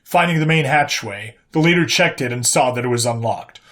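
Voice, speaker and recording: A man narrates a sci-fi story as an audiobook at an ordinary mid pitch. His storytelling is steady and plain. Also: fairly quick.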